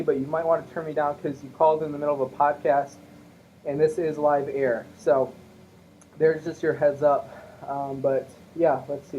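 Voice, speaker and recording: A man's voice: fairly high pitch, dark tone. A man hosting his own podcast alone, rambling in a wry, self-mocking way. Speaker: podcast host. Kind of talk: rambling solo podcast chat. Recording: muffled lo-fi audio with faint hiss.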